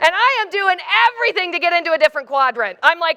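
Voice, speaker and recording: A woman keynote speaker with a high, bright voice, telling a comic personal story with lots of energy. Her delivery is animated and self-mocking. Her pitch jumps around a lot. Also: quick pace, few pauses.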